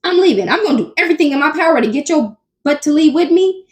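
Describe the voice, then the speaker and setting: A woman's voice: high-pitched, lively intonation, quick pace. A woman hosting a commentary channel, chatting casually and talking straight to her viewers. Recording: echoey room with faint music.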